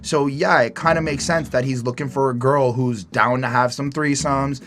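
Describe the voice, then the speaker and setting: A podcast co-host with a mid-range, fairly bright voice talks at a moderate pace with fairly even intonation. He chats loosely through a casual album review and reads lyrics aloud.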